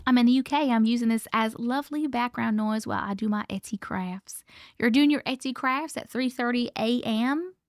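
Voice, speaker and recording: Chatting with viewers from home at a moderate pace, this high-voiced woman reads out their stories on her laid-back live stream. Playful and talkative, she laughs a lot, tosses in light swearing, and keeps coughing as though she could use a cough drop. Audio is close and dry, with barely any room echo.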